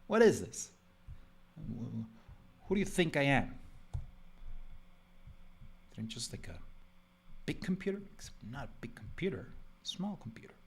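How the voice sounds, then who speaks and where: A man's voice: medium pitch, big pitch swings, measured pace, vocal fry, pauses often, slightly rough, voice pushed up, exaggerated voice. A man voicing his overworked small computer, complaining in a raised, protesting voice. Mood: indignant.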